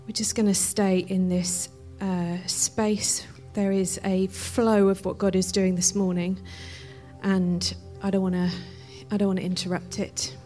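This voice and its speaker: Soft-spoken woman leading prayer. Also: medium pitch, flat delivery, faint music behind. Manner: soft, unhurried, often whispering prayers; gentle, encouraging to the congregation. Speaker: worship leader and preacher. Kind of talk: sermon with guided prayer.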